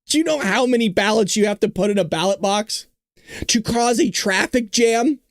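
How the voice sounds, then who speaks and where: A man's voice: sits high, moderate pace, dry recording, clean studio sound. Sarcastic man hosting a news commentary show. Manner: sarcastic, laughs often. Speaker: host.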